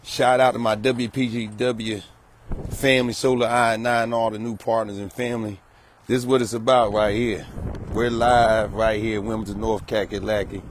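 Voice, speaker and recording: A man doing a live outdoor promo vlog, hyped and repeating slogans and shout-outs. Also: fairly low pitch, little pitch movement, normal speed, slight background noise. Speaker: solar sales promoter.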